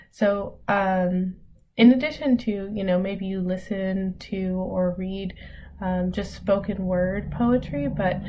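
A woman teaching an online lesson in a relaxed, casual way, with many ums as she reads examples aloud. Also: medium pitch. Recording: dull lo-fi audio with faint noise.

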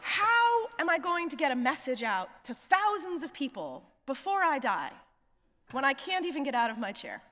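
A woman hospice chaplain telling a story from the pulpit, acting out each person's lines in an animated way and laughing often. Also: sits high, moderate pace. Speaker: hospice chaplain, guest preacher. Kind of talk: storytelling sermon. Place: church sanctuary. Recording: long church reverb.

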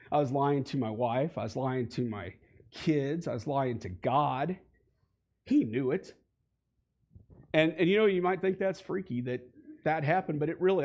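A man's voice: mid-range voice, a little mellow. A man in his forties telling his personal faith story to a church congregation, conversational and building to heated emphasis. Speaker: guest speaker giving a testimony. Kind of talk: church testimony. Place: church sanctuary.

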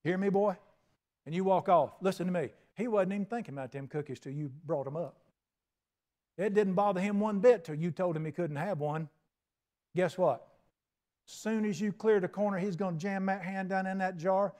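An older man delivering a sermon in a drawl. His voice sits fairly high. He preaches in a folksy, storytelling way, acting out little conversations and moving between hushed and booming. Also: normal speed. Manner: folksy preaching with acted-out dialogue and big swings in loudness. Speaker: pastor.

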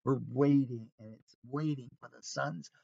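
A man's voice: medium pitch, normal speed, vocal fry, mellow, no echo. A man leading an informal Bible study, speaking conversationally with rhetorical questions and emphatic asides. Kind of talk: informal sermon. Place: recreational vehicle. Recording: dry, dull lo-fi sound.

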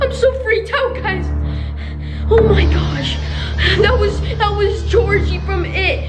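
A woman with a very high, piping voice hosts a staged scary vlog. She talks to her viewers in a breathless, panicky rush and keeps calling out to them, while music plays clearly underneath. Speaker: reaction channel host.

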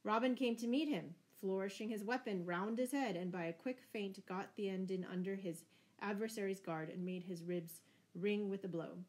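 A woman narrates an old adventure tale at an easy, steady pace. Her voice sits in a middle register, and she raises it brightly whenever a character cries out. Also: moderate pace, poor audio. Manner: lively, raising pitch and volume for shouted dialogue. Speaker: audiobook reader. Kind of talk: storybook narration with voiced dialogue.

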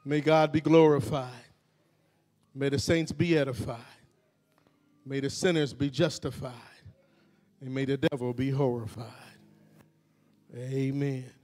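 A male pastor preaching a sermon in a church sanctuary, swinging from low, quiet stretches to loud, shouted call-and-response. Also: little pitch movement, a little slow, pauses often.

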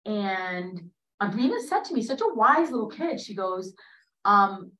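A woman's voice: mid-range voice, big pitch swings, unhurried, sharp tone. A woman in her late thirties telling a personal story on a discussion panel, chatty and often asking "right?". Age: late 30s. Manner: conversational, tags sentences with "right?". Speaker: panelist in a dialogue gathering. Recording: roomy, from a distance to the mic.

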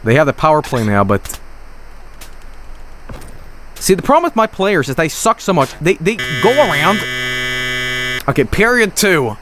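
Animated, yelling game streamer man. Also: measured pace, pauses often, a little hiss or hum. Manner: swings from low grumbling to loud yelling and cursing at the game. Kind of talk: live gameplay commentary.

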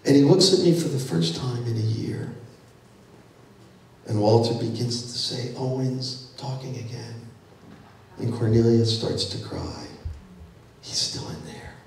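A man in his fifties giving a keynote speech, an animated storyteller who slips in dry jokes. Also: mid-range voice, measured pace, long pauses, slight background noise. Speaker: keynote speaker. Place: event hall. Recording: echoey hall, voice from far off.

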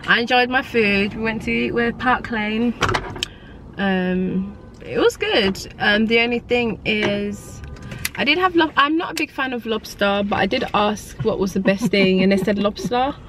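A woman's voice: fairly high pitch, measured pace, background noise. A woman chatting casually in a travel vlog from inside a car, filling her talk with "like". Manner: chatty, says "like" a lot. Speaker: vlogger. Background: music playing.

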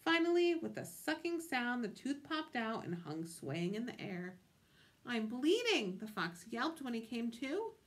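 Lady doing storytime, super lively up-and-down reading, stops to quiz the kids. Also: a little high. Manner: expressive, pauses to ask listeners questions. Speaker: storytime reader. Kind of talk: picture book read-aloud.

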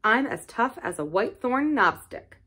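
A woman's voice: on the high side, animated, a little slow, pushed and bright, husky, pitched above the performer's own voice, exaggerated voice. A woman voicing a cheerful twelve-year-old moorland boy with a broad Yorkshire dialect and an easygoing, earthy manner. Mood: proud.

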